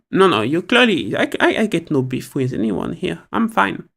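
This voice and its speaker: A man's voice: sits high, sing-song, unhurried, gravelly, breathy edge. A man, streaming live and chatting casually about politics in a rambling, profane way, often breaking off mid-sentence. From France. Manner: rambling, profane, self-interrupting.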